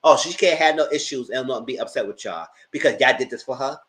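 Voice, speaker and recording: A man hosting a casual TV review, talking in an animated, blunt way and swearing freely. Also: medium pitch, fairly quick, poor audio. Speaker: show recap host.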